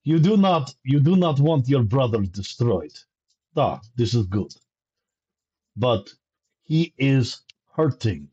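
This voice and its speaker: An earnest woman speaks in a slow, measured plea, as a man puts her on. The voice is husky and a little raised. It comes through dull, lo-fi stream audio. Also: medium pitch, very animated, dark tone, full character voice. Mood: solemn. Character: earnest solemn woman pleading for mercy.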